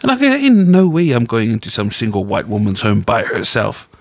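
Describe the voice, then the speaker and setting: A New man chats in a relaxed, rambling way, full of slang and asides. His voice sits at a middling pitch and is recorded dry and close, with no room sound. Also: fairly quick, dry recording. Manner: rambling storyteller, laid-back slang. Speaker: podcast co-host. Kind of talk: casual chat.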